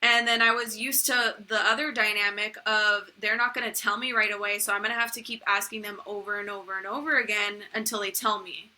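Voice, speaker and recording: A woman's voice: medium pitch, fairly even intonation, fairly quick, few pauses, pushed and bright. A young woman co-hosting a podcast, telling stories in casual chat and acting out what people said. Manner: chatty, storytelling, acts out quotes. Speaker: podcast co-host.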